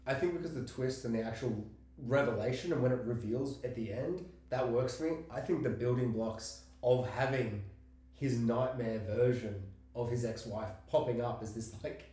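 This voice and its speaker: A man co-hosting a casual film discussion podcast, talking in a rambling, animated way and swearing often. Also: mid-range voice, moderate pace. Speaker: podcast co-host. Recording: very echoey room.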